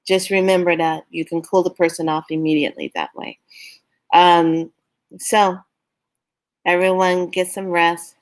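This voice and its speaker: A woman giving a casual spiritual talk, earnest and urging, who often laughs while telling stories. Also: on the low side. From California. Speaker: spiritual vlogger.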